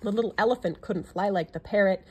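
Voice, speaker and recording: A woman reading a classic children's picture book aloud in an expressive storytelling manner. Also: medium pitch, fast, a little hiss or hum.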